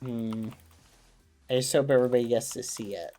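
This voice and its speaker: A man streaming a game, chatting casually and excitedly with his viewers and using wholesome exclamations instead of swearing. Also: mid-range voice, normal speed, faint music behind. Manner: excitable, talks to his chat. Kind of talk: casual gaming livestream chat.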